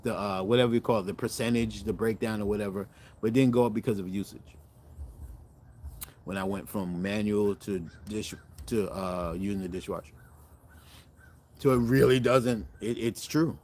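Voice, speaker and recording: Middle-aged guy rambling to his viewers, lowish voice, keeps correcting himself. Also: moderate pace, pauses often. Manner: rambling, self-correcting, animated storytelling. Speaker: cooking channel host. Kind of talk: casual chat to viewers.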